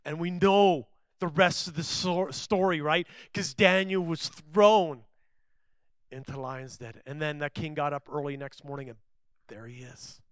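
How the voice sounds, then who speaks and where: A man's voice: on the high side, steady tone, clean tone, no echo. Fervent preaching man, dry close sound. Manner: swings between loud emphatic lines and hushed, slow ones; asks the congregation questions, drawn-out emphasis. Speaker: pastor. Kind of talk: sermon. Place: church service before a congregation.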